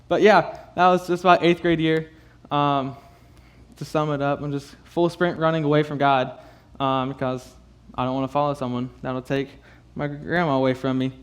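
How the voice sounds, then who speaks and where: Nervous young man, higher voice. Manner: nervous, halting, many fillers and nervous laughs; emotional, close to tears. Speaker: youth speaker giving a testimony. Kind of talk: personal testimony to a youth group.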